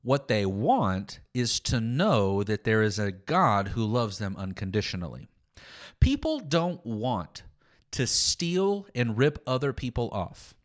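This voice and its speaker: A man giving a conversational Bible teaching, emphatic and informal. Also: medium pitch. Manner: emphatic, informal, lively intonation. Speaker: Christian teacher.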